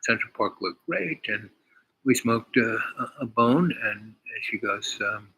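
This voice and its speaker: A man's voice: lowish voice, lively intonation, slow pace, sharp tone, husky, poor audio. An older man telling a meandering personal story, full of fillers and asides. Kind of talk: rambling personal anecdote.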